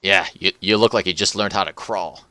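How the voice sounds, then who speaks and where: A surly bearded townsman, as a man voices him snaps back in short, hostile lines. The voice sits low but carries a bright, forceful edge. The sound is dry and close. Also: fairly even intonation, brisk, dry recording. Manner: curt, hostile, dismissive.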